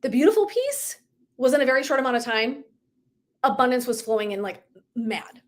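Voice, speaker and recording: A middle-aged woman with a slightly high voice hosts a casual livestream. She is chatty and earnest, leaning on "like" and "right?" as she coaches her viewers. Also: sing-song, brisk. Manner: chatty, heavy use of "like", earnest and emotive. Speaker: wellness coach.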